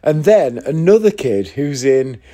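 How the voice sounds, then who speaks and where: A man's voice: a little high, big pitch swings, a little slow, mellow. A man from the northeast of England, a comedian in his thirties, telling a long anecdote in a chatty, casual way with asides to the listener. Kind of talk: casual storytelling.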